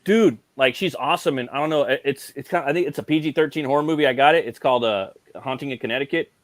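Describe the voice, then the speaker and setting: A man's voice: mid-range voice, quick pace, dry recording. A man in a casual film chat, rambling and slangy, swearing and asking "you know what I mean?".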